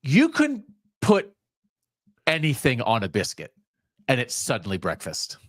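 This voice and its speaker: A man's voice: mid-range voice, huge pitch swings, unhurried, no echo, studio quality. Enthusiastic man recommending shows. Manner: enthusiastic, recommends at length, hedging asides. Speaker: podcast co-host. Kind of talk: casual chat.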